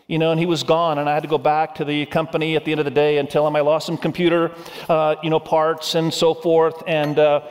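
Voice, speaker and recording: A middle-aged male pastor giving a sermon, telling a humorous story and asking the congregation questions. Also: on the high side. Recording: reverberant hall sound.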